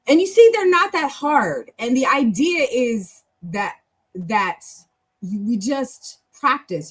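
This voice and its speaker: A woman's voice: fairly low pitch, low-quality recording. A woman hosting a language club, teaching in a chatty, encouraging, long-winded way on a casual live stream.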